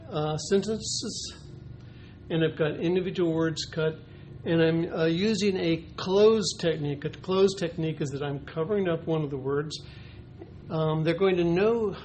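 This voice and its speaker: Male teacher educator, slightly high voice, hesitant, explanatory delivery, noisy recording. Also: a little mellow. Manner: explanatory, with frequent ums and uhs. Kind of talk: instructional demonstration.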